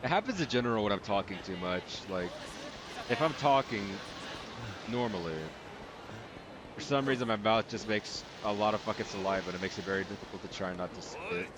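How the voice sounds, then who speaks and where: A man's voice: fairly low pitch, a little fast, noisy background. Rambling young Texan man, swearing. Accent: light Texan. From Texas. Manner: rambling, profane, casual. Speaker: gaming YouTuber. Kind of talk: let's play commentary. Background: game music.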